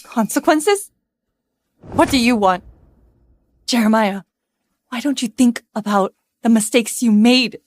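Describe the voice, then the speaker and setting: An actress voicing a proud young wife and mother in a dubbed drama, defiant and sharp. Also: on the high side, unhurried, pauses often, lightly acted. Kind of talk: dubbed short-drama acting.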